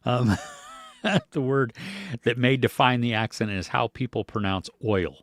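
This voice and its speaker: A relaxed American man talks slowly about films and shows, drifting along with fillers and soft chuckles. His voice sits at a middle pitch and sounds dry and close, with no room around it. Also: dry recording. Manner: relaxed, rambling, with many fillers and small laughs. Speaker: podcast host reading viewer comments. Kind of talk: casual chat.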